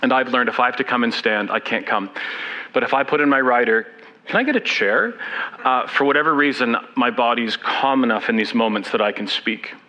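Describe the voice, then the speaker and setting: A man's voice: mid-range voice, fairly even intonation, brisk, bright, forceful tone, poor audio. A man in his fifties, seated as he gives a candid, self-deprecating personal talk at a church service. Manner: candid, self-deprecating, acts out quoted people; speaks seated. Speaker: guest speaker.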